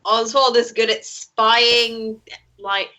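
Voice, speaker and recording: A woman's voice: a little high, flat delivery, slow, bright, forceful tone, muffled recording. A woman playing a tabletop game, chatting and joking casually with the group. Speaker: player.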